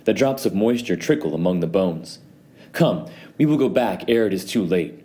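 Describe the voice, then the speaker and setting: A man reading an audiobook, voicing a cold, scheming nobleman who speaks in a measured, mock-concerned way. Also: low-pitched, expressive, warm tone. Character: cold, scheming male nobleman plotting revenge.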